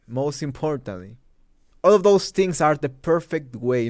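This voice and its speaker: A man's voice: fairly high pitch, smooth, no room sound, studio quality. A Mexican man speaking English as a second language, hosting his own channel with emphatic, conversational opinion commentary full of asides. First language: Spanish. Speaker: host.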